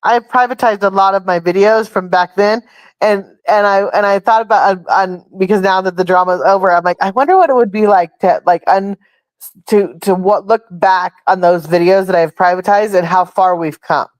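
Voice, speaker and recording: A woman's voice: mid-range voice, normal speed, no room sound. A woman hosting a casual chat, telling a long rambling story and swearing freely. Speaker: host.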